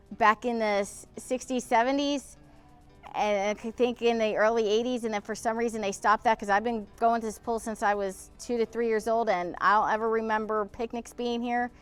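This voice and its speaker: Faint music plays behind a middle-aged woman ranting indignantly and emotionally to camera in her casual outdoor vlog beside an old pool. Her voice is a little high, steady, clear, and resonant, at a moderate pace.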